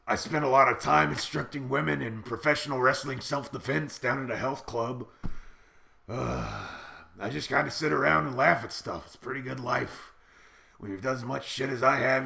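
A man's voice: medium pitch, vocal fry, bright, forceful tone. A man rambling through a profane, boastful comedic monologue to camera, full of swaggering bravado. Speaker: comedy vlogger in character.

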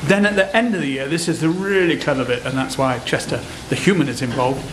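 A British man in his sixties hosts a cooking vlog, chatting to camera in a fast, mid-range voice. He's excitable and rambling as he talks casually to viewers, and the echoey room carries noticeable background noise.

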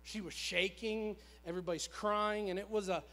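A man's voice: high-pitched, steady tone, moderate pace, pushed and bright. A man in his thirties preaching a sermon in a church, telling a personal story in a conversational, repetitive, self-deprecating way. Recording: long church hall reverb.

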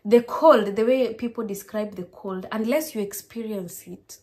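A young Kenyan woman with a Kenyan accent, chatting to her viewers in a lively, casual vlog. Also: mid-range voice, moderate pace. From Kenya, Kisii. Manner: lively, keeps addressing viewers as guys. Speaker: vlogger.

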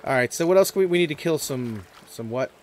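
A man's voice: on the high side, lively intonation, fast, over a noisy crowd. A man from the United States with an American accent, joking around as a guest co-player in casual gameplay chat. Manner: easygoing, joking banter.

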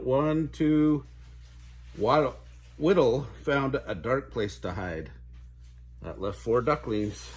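An older man hosting a children's read-aloud, reading a picture book gently and chuckling along. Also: fairly low pitch, slightly rough.

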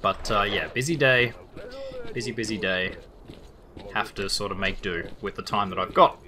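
A man's voice: on the low side, steady tone, normal speed, crowd noise. A man with an Australian accent giving casual, rambling, lightly profane commentary while playing a video game. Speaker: let's play gamer.

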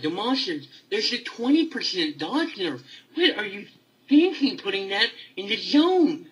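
A man angrily ranting about a video game, stammering and repeating himself as he swings between outbursts and low muttering. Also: big pitch swings, a little slow, fairly bright tone, a little hiss or hum, poor audio. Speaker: video gamer. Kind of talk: angry ranting vlog.

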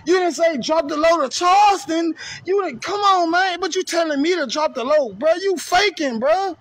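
A man launches into a heated, profane rant on a live video. His voice sits very high and rings bright and forceful, and he keeps hammering the same taunts. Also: moderate pace, no echo. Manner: confrontational, repetitive taunting. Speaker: streamer ranting on a live video.

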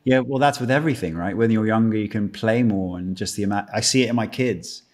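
A man's voice: fairly low pitch, fast talker, a little mellow. A man with a British accent chatting as a guest actor in a podcast from a room at home, joking dryly at his own expense and rambling through restarted sentences. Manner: dry self-mocking joker, chuckles often. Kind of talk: casual podcast chat.

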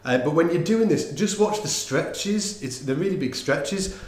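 A man giving a casual online bass lesson, talking in a relaxed, rambling way with lots of fillers and restarts. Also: unhurried, reverberant. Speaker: bass teacher. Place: room with instruments, bass played along.

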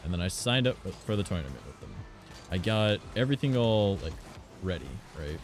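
Deep-voiced male streamer, lively. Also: fairly quick. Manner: swearing, animated storytelling between game reactions. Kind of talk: casual gameplay chat.

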